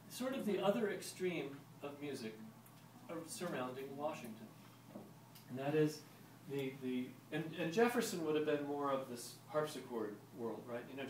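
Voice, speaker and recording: A man giving a live talk and demonstration to a group of visitors, explaining in a chatty way and quizzing the audience. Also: on the high side. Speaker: historical music presenter. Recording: roomy, distant mic, ambient noise.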